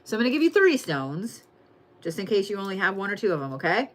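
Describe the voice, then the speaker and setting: A woman with a drawl hosts a weekly zodiac reading in a brash, excitable, swear-heavy way. Her pitch sits mid-range for a woman but swings widely up and down as she talks. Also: fast talker, slight background noise. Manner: brash, profane and excitable, addresses viewers as y'all. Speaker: tarot and astrology reader.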